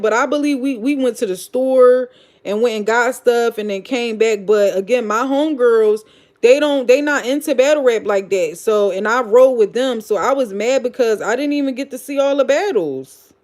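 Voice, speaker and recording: A woman's voice: on the high side, normal speed, darkish tone. A woman with a Philadelphia accent hosting a casual livestream, reading comments and telling gossipy stories in a loose, profane, blunt way. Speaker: livestream host.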